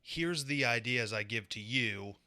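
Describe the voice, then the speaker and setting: A man's voice: medium pitch, unhurried, bright, forceful tone, dry recording. A man co-hosting a casual podcast, explaining a topic in a dry way with crude asides. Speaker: podcast co-host presenting a conspiracy segment.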